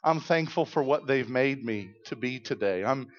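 Man preaching a lively sermon. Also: mid-range voice, moderate pace, dull audio. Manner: animated storytelling, acting out voices. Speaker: pastor. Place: church.

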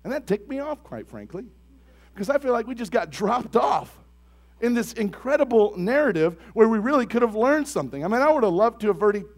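Young male pastor, high animated voice, conversational sermon that swells into forceful emphasis. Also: a little fast. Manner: builds to loud emphatic bursts; conversational, asks the congregation questions.

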